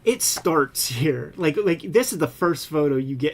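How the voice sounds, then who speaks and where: A man co-hosts a casual comics talk show, speaking from his own experience as a cartoonist. His voice sits a little high for a man. He talks in a loose, animated way, full of slang and cheerful profanity. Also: moderate pace, breathy edge. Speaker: co-host, cartoonist. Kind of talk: casual chat about comics.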